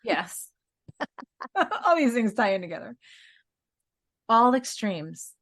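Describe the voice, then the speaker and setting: A woman's voice: on the high side, animated, takes it slowly, a bit bright. A woman co-hosting a casual spiritual podcast, telling stories in an earnest way and laughing now and then. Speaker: podcast co-host.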